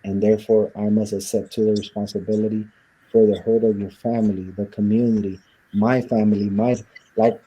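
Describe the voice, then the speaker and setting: A man speaks in a husky, low voice with a dark, mellow tone. He tells his story earnestly and reflectively, slipping into the voices of the people he quotes, at the easy pace of an interview conversation. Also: little pitch movement, fairly quick, poor audio. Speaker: interview guest.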